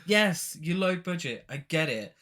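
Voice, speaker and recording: In a casual film review chat, a male podcast co-host vents about a terrible movie with sweary, exasperated ranting and laughter. He speaks unhurriedly in a fairly high, animated voice that's a bit bright.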